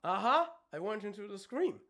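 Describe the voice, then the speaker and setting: A man's voice: a little high, animated, normal speed, fairly bright tone. A man giving a live-streamed vocal lesson, explaining technique in detail and breaking into sung notes and screamed demonstrations. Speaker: vocal coach.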